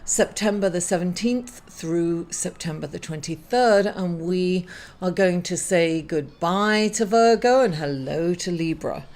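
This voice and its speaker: Middle-aged woman, astrology host, grieving, halting delivery full of fillers and apologies. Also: fairly low pitch, darkish tone. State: emotional, grieving. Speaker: astrology reader. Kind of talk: weekly horoscope reading to camera.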